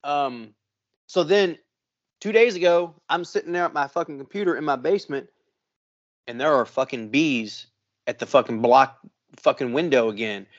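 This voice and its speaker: A fairly high-voiced man tells a rambling story, swearing constantly and animated as he goes. The sound is a little dull and lo-fi, like a modest podcast setup. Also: normal speed, pauses often. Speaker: podcast co-host. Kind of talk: casual storytelling.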